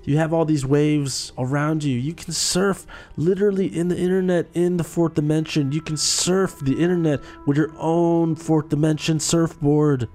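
A man's voice: a little high, fairly even intonation, normal speed, few pauses, darkish tone, faint music behind. A man in casual podcast chat, riffing playfully on goofy ideas.

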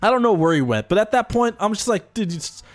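A man in casual chat, telling a story in an animated and profane way. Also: high-pitched, fast talker, faint music behind.

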